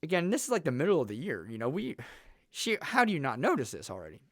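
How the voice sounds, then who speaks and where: Young man telling blunt, animated stories. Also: fairly high pitch, fast talker, no room sound, clean studio sound. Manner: animated, blunt, laughs through his stories. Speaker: vlogger. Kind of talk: casual personal storytelling.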